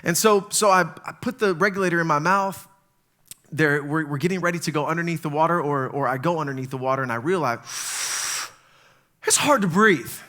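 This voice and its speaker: A man with a high, bright, forceful voice preaches a sermon. He tells stories animatedly, jumping into panicked little quotes as he acts them out. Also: normal speed. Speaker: pastor. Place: church stage.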